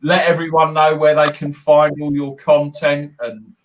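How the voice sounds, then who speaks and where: A man's voice: on the high side, level tone, unhurried. A man hosting a casual sports podcast, blunt, sweary and teasing. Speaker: host.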